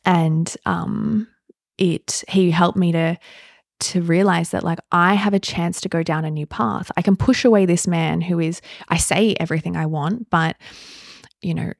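A woman with a low, gravelly voice talks openly and thoughtfully as a podcast host. She recounts her story in an unhurried, reflective way. The sound is dry and close, with no room echo. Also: fairly even intonation. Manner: reflective, open storytelling with soft fillers. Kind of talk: candid personal conversation.

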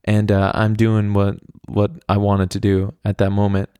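A man's voice: on the low side, monotone, moderate pace, dark tone, smooth, no echo. An American man hosting a podcast, telling candid personal stories in a rambling, casual way, full of "like" fillers and swearing. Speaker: podcast host. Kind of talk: casual storytelling monologue.

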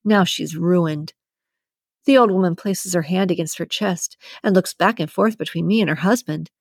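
A woman reading a first-person romance novel aloud in a breathy, intimate narration. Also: on the low side, brisk, no room sound, studio quality. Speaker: audiobook narrator.

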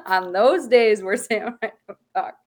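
A woman's voice: medium pitch, normal speed. A woman co-hosting a casual chat podcast, giggling and laughing through her sentences. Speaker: podcast co-host.

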